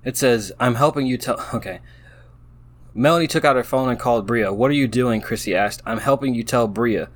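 A man reading an AI-written story aloud, breaking off into amused, laughing asides about what the text says. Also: mid-range voice. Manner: slow, halting reading broken by laughing asides. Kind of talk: casual reading aloud with commentary.

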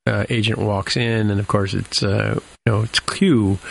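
A man's voice: lowish voice, little pitch movement, normal speed, gravelly. A man casually recapping a TV episode as a podcast co-host, rambling with many fillers and restarts.

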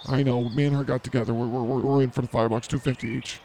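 A man's voice: mid-range voice, level tone, quick pace, warm tone, a little hiss or hum. A man hosting an improvised comedy podcast outdoors at a zoo, teasing his co-host with mock outrage and rambling jokes.

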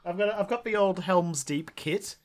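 A man's voice: sits high, normal speed. A man co-hosting a casual podcast, enthusiastic and sweary. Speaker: podcast co-host.

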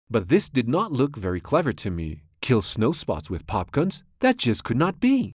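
A man reading a children's rhyming storybook aloud with a rhythmic, expressive delivery. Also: mid-range voice, moderate pace, hardly any pauses, no room sound, clean studio sound. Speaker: storybook reader.

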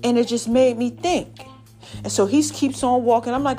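A woman's voice: a little high, normal speed, soft background music. A woman podcast host, telling a personal story in a conversational, emotional way and acting out the voices of family members. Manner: animated, acts out quoted voices of family; emotional, conversational, preacherly encouragement at the end.

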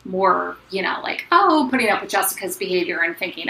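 A woman's voice: lowish voice, lively intonation, quick pace, gravelly, pushed and bright. A woman casually discussing a book, chatty, with many fillers and passages read aloud. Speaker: book podcast co-host. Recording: echoey room with faint noise.

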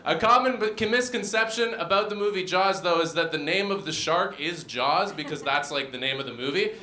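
Deadpan young man doing stand-up. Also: fairly high pitch, fairly quick. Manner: deadpan, self-deprecating delivery. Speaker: stand-up comedian. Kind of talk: stand-up comedy set. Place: comedy venue with audience. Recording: roomy venue sound.

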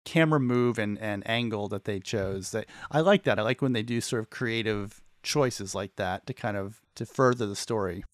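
A man's voice: lowish voice, normal speed, hardly any pauses, dry recording, clean studio sound. A man co-hosting a podcast, talking in an easygoing way about a TV episode. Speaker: podcast co-host. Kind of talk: casual TV recap chat.

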